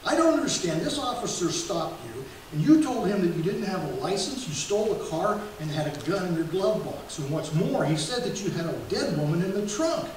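Brief: preacher doing a bewildered male police captain, higher voice, roomy echo. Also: lively intonation, a little fast, few pauses, darkish tone. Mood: baffled. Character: puzzled adult male police captain, firm. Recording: echoey sanctuary from far off, hiss.

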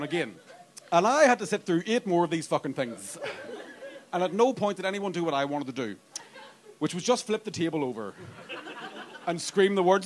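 A man's voice: high-pitched, lively intonation, brisk, some chatter behind, slight background noise. A young man doing a profane, self-mocking stand-up set in a comedy club, acting out voices. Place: comedy club with live audience.

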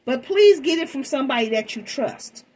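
A woman's voice: high-pitched, lively intonation, moderate pace, a little mellow, low-quality recording. A woman reading tarot in a casual vlog, talking chattily to her viewers and calling them babies. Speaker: tarot reader.

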